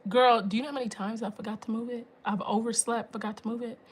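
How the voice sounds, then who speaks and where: A woman in her thirties hosting a phone livestream, telling a story to her viewers in an exasperated, animated way with emphatic asides. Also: on the high side, fast, breathy edge. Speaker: livestream host.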